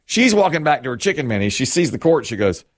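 A man's voice: mid-range voice, fast. A man casually telling a funny anecdote, acting out what people said and laughing along. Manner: animated anecdote teller, acts out quoted lines, laughs often. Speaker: co-host telling a story. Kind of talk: casual storytelling chat.

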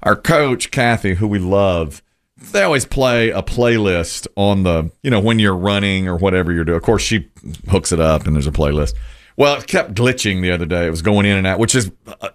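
A man's voice: low voice, animated, normal speed. A middle-aged man chatting on his radio show in an easy, rambling way. He spins stories and drops into little voices when he quotes people. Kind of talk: casual studio banter.

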